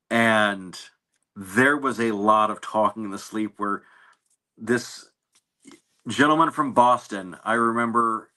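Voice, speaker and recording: A man in an interview, telling stories about his navy service in a relaxed, anecdotal way with fillers and restarts. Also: fairly low pitch. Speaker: navy veteran guest. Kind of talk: casual interview storytelling.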